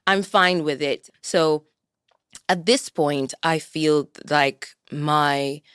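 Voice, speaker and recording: A woman's voice: low-pitched, extremely slow, fairly bright tone, clear, resonant tone, no echo, studio quality. Woman with a mixed Kenyan-American accent. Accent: mix of Kenyan and American. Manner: thoughtful and candid, laughs often. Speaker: actress and guest. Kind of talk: podcast conversation.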